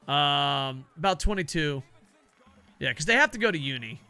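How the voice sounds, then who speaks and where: A man's voice: a little high, expressive, moderate pace, sharp tone, smooth, faint music behind. An older man, a semi-retired teacher, rambling casually and profanely while streaming a game, laughing often. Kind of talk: casual chat while gaming.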